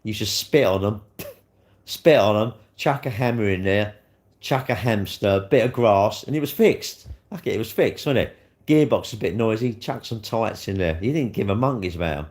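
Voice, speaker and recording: A man's voice: on the low side, normal speed, a little mellow. A middle-aged man, rambling casually on a live stream, swearing freely and answering viewer comments. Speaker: livestreamer.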